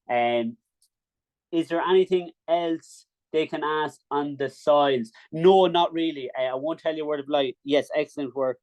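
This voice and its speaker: A young Irish man leads an agricultural science revision class, quick and encouraging. His voice sits a little high for a man, and he keeps checking in with the class as he goes. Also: darkish tone.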